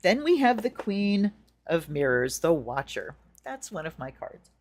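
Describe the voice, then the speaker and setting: A woman's voice: fairly low pitch, sing-song, unhurried. A middle-aged woman giving a casual tarot reading, chatty and storytelling, acting out the things people say. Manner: chatty, storytelling with acted-out quotes. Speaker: tarot reader.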